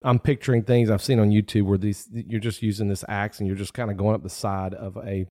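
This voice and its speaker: A man's voice: fairly low pitch, level tone, brisk, mellow. Jokey male podcast host. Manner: jokey, laughs along, asks rambling questions. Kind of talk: conversational interview.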